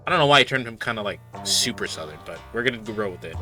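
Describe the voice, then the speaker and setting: A man's voice: lowish voice, lively intonation, racing, hardly any pauses, over music. A man reading a story game aloud on a stream, with wry asides.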